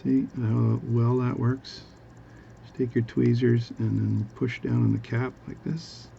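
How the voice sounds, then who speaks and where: Gravelly husky guy rambling at his watch bench, kinda dull lo-fi sound. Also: mid-range voice, flat delivery, a little slow, dark tone, a little hiss or hum. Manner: rambling, jokey, self-amused asides. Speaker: hobby watchmaker. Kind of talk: casual workbench tutorial chat. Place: home workbench.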